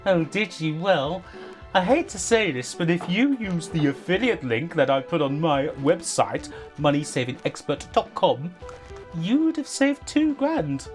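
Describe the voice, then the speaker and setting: A woman's voice: on the low side, big pitch swings, a little slow, soft background music, pitched above the performer's own voice. A woman doing a mocking impression of a smug male money-saving TV expert, gloating and mock-sympathetic.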